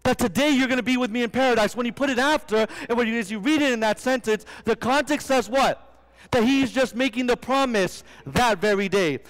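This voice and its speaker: Brief: young male preacher, very high voice, lots of rhetorical questions, long hall echo. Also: brisk. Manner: asks the congregation rhetorical questions. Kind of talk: sermon.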